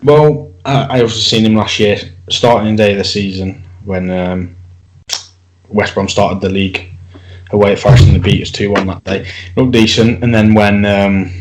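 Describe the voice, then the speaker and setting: Low-voiced man, steady chat. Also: normal speed, rough recording. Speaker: podcast co-host. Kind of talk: casual football chat.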